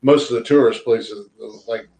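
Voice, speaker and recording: Podcast co-host, man, mid-pitched, blunt and opinionated, swears a lot. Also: steady tone, moderate pace, mellow. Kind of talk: casual chat.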